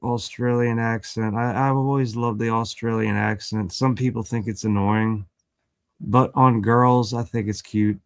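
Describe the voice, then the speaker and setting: A middle-aged man chatting casually on a panel, rambling with halting restarts. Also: mid-range voice, steady tone, creaky, dry recording. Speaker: podcast panelist. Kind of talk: casual chat.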